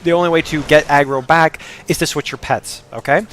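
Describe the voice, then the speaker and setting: A slightly hoarse man hosting gameplay commentary, explaining mechanics to his friends between frequent laughs. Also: fairly high pitch, fairly even intonation, fairly quick, fairly bright tone, slight background noise. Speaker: host guiding a game run.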